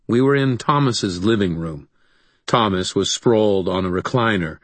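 A man narrating a first-person audiobook in a dry, gruff, matter-of-fact way. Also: low voice, normal speed, dry recording.

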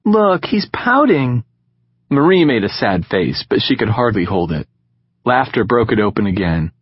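A man narrating an audiobook in a calm, measured reading style. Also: on the low side, slightly rough, muffled recording. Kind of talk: scripted narration.

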